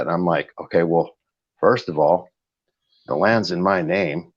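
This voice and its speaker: Very deep-voiced blunt man telling a story. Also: fairly even intonation, normal speed, no room sound, highs cut off. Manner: blunt, rambling, repeats "I go". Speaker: host of a live chat stream. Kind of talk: casual storytelling.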